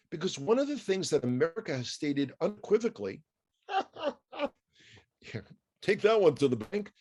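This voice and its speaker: A man's voice: on the high side, darkish tone. A man with a New York accent giving a chatty news commentary, wry and full of asides and rhetorical questions.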